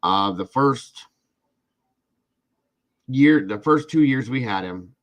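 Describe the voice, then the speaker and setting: Talking straight to his chat, this true-crime livestream host rambles through a story at a slow pace, animated, his middle-pitched voice coming through dull audio. Fillers like "this and that" and repeated phrases fill his chatty delivery.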